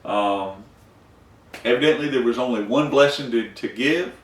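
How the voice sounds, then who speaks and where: A man teaching a Bible study, retelling scripture in a folksy, animated way, acting out the dialogue with many fillers. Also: mid-range voice, moderate pace, echoey room, distant mic.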